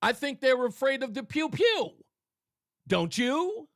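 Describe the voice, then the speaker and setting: A man's voice: very high-pitched, very animated, measured pace, a bit bright, dry recording. A male talk radio host giving sarcastic, mocking political commentary on a studio mic.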